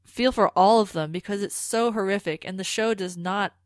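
A woman's voice: medium pitch, moderate pace, no room sound. A woman co-hosting a podcast, talking casually and animatedly about a TV episode. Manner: animated, rambling, with restarts. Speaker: podcast co-host.

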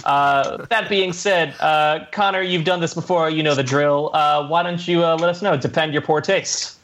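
A man's voice: on the high side, fairly even intonation, moderate pace, a bit bright. A man hosting a casual podcast chat, laid-back and full of fillers and laughs. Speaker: podcast host.

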